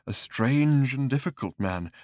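A man voicing a frail, half-mad old male journalist who whimpers, weeps and breaks into shouts. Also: medium pitch, animated, a little slow, no room sound, clean studio sound, lightly acted. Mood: weeping.

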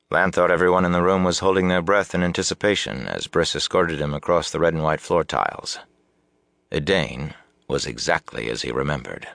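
A man reading a fantasy novel aloud as audiobook narration, with a measured, even storytelling delivery. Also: extremely low pitch, creaky, no echo, clean studio sound. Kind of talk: scripted narration.

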